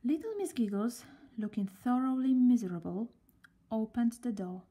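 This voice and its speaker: A woman reading a children's story aloud in a gentle voice, often dropping near a whisper. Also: fairly high pitch, animated, normal speed, breathy edge.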